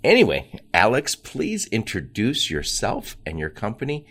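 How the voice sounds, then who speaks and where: A man's voice: lowish voice, wildly swooping pitch, measured pace, a bit bright. A man hosting a podcast, chatty and enthusiastic, who laughs often as he asks questions. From United States. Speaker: podcast host. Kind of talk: casual interview chat.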